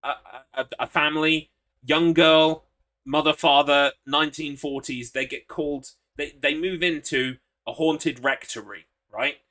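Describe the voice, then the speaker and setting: A man's voice: a little high, steady tone, a little slow, bright, forceful tone. A man chatting casually while live-streaming a horror game, rambling, swearing and laughing as he greets viewers.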